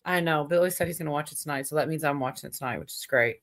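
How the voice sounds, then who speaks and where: A woman's voice: deep voice, racing. A woman hosting a casual livestream chat, rambling with lots of fillers and frequent laughter. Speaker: livestream host.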